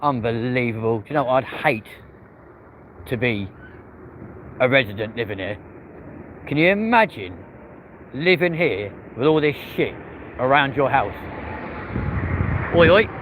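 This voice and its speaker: A man's voice: mid-range voice, normal speed, pauses often. Chatty man streaming plane-spotting. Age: early 30s. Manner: chatty, excitable, greets chat viewers by name. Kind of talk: live commentary and chat with viewers. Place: outdoors near a busy airport and street. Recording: outdoor stream with loud traffic and urban noise.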